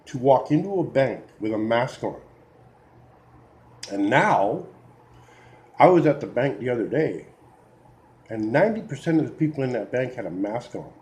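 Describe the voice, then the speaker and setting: A man rants to camera with mounting exasperation, stumbling over restarts and letting out sighs. His voice is mellow and dark in tone, yet it swings widely in pitch as he works himself up. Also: rough recording. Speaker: video blogger. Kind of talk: opinion rant to camera.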